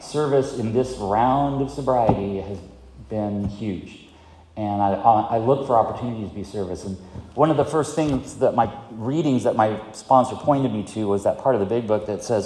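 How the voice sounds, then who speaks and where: A man's voice: on the low side, warm tone, echoey room, long reverb tail, slight background noise. A middle-aged man giving a candid, self-mocking personal testimony at a recovery meeting, chuckling often as he talks. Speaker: speaker sharing at a recovery meeting.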